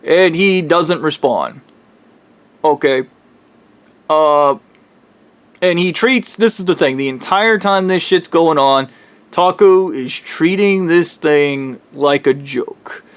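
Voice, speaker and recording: A man's voice: a little high, takes it slowly, smooth. A man telling a true spooky story in a casual, rambling way, swearing and correcting himself as he goes.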